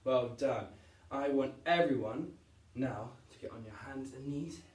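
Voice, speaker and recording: In this clip the PE teacher walks young children through a lesson at home, counting down and modeling each move with cheerful encouragement. His mid-range voice is unhurried and a little mellow. He is positioned away from the camera, so he sounds far off amid the room's echo.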